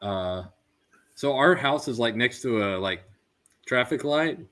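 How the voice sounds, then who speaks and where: A man's voice: medium pitch, lively intonation, measured pace, a bit bright. A man in his thirties co-hosting a casual podcast chat, telling stories animatedly and laughing often. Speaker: podcast co-host.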